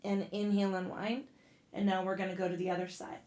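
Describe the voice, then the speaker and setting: A woman yoga instructor guiding a class out loud, casual and profane, breaking off into blunt joking rants. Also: mid-range voice, level tone, fast talker. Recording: echoey room.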